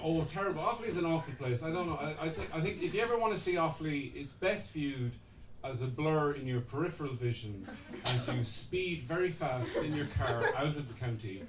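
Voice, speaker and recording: A man from the Irish Midlands speaks with an Irish accent and a lively, bouncing delivery that sits a little high. He teases the crowd playfully and pokes fun at himself. He is caught from out in an echoey pub room, with loud laughter and chatter all around him. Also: fairly quick. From Ireland, Midlands. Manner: playful, self-mocking banter with the crowd. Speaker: stand-up comedian. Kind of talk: stand-up comedy set. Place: small pub comedy room. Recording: echoey room from far off with loud audience noise. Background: audience laughter.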